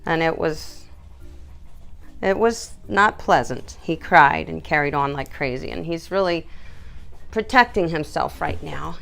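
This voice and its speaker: Gravelly-voiced woman coaxing a nervous dog. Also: measured pace, fairly bright tone. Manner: soothing, coaxing, talks to the dog in a high sing-song. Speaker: dog groomer. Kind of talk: casual how-to video.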